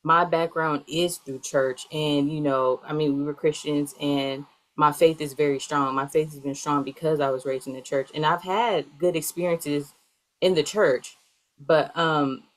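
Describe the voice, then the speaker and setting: Low-voiced woman, rambling guest talk. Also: fairly even intonation, measured pace, poor audio. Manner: rambling, filler-heavy. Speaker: guest, healer. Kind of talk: casual interview talk.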